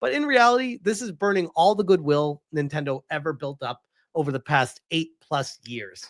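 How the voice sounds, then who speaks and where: A man's voice: a little high, moderate pace. A man ranting as a gaming streamer on a live stream, heated, exasperated and swearing freely.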